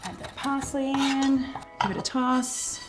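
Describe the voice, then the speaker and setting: A woman with a high, unhurried voice hosts a cooking show from her home kitchen, with loud music playing behind her. She chats casually through a recipe as she cooks, relaxed and using plenty of fillers.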